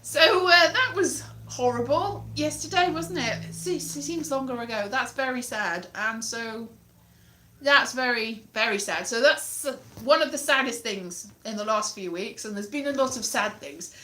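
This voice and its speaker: A woman's voice: a little high, normal speed, sharp tone. A woman chatting casually on a livestream from her parents' living room, rambling and poking fun at herself as she greets viewers in the chat. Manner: rambling, self-deprecating, greets chat mid-sentence. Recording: roomy echo.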